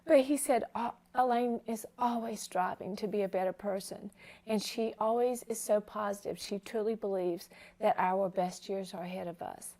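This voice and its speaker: A woman's voice: medium pitch, normal speed, warm tone. A woman hosting a Christian talk show interview, moved to tears as she honors her guest. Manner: emotional, tearful while honoring her guest. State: tearful.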